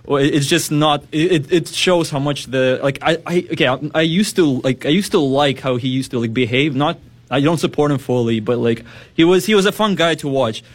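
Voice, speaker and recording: A man on a sports panel, talking in a rambling, halting way with many restarts. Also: a little high. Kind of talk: casual sports chat.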